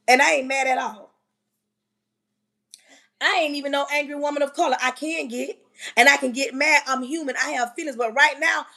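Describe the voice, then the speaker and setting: High-voiced woman scolding on a livestream. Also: fairly bright tone. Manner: preachy, scolding, emphatic. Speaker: livestream host. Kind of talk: passionate livestream rant.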